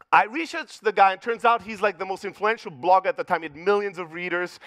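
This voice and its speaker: High-voiced Greek man telling stories on stage. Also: quick pace, hardly any pauses, a bit bright, dry recording. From Greece. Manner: profane, punchy storyteller acting out dialogue. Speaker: conference speaker. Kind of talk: motivational keynote storytelling. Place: conference stage.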